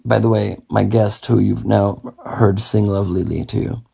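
A young man hosts a laid-back podcast in a low, gravelly, slightly husky voice. He rambles, jokes and slips into bits of song. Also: fairly even intonation, moderate pace, mellow. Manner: jokey, rambling, breaks into song. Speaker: podcast host. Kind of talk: casual podcast chat.

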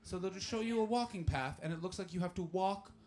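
A man from Canada works through a live stand-up set. He rambles from one tangent to the next, telling his stories in an animated way, and keeps turning to the crowd with asides and questions. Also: sits high, quick pace, a little hiss or hum. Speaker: stand-up comedian and podcast host.

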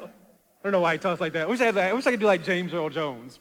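A male pastor preaching a dramatic sermon, swinging from quiet low asides to loud rising appeals. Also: animated, quick pace, in a large hall.

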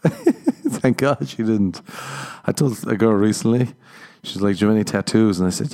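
A man's voice: very animated, unhurried, long pauses, warm tone. A young man hosting a podcast, chatting casually and laughing often as he tells stories. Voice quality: low, gravelly, laughs often. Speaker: podcast host. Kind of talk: casual chat.

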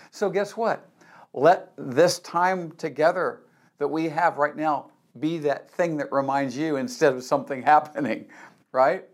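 A man preaching a sermon in an emphatic, repetitive way, often asking the listeners a rhetorical "yes?". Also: mid-range voice. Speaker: pastor.

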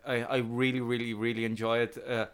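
Young man, film podcast co-host, casual, hesitant, smooth clear voice. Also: medium pitch, flat delivery, brisk. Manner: hesitant, many uhs.

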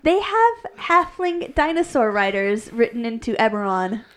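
A woman's voice: a little high, sing-song, moderate pace, slight background noise. A woman co-hosting a casual podcast, rambling and correcting herself as she explains tabletop game lore, laughing often. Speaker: podcast co-host, game master. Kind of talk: casual chat.

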